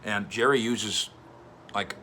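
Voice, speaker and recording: A man in his fifties, a sports columnist, telling a story in a chatty, animated way to camera. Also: on the low side, slow pace, a little hiss or hum. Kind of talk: casual commentary to camera.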